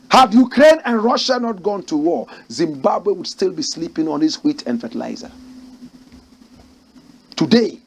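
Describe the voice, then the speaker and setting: Man from Ghana, talk-show host; emphatic political commentary, high husky voice, repeats lines for effect. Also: darkish tone. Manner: emphatic, exclamatory, repeats key phrases with rising pitch. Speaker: host of a current affairs show. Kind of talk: animated political commentary, reading aloud news quotes.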